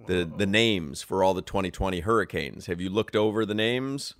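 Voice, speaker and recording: Joking low-voiced radio co-host man. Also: normal speed, no room sound. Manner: joking, laughs often, reads sponsor copy. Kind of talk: sports radio banter and live reads.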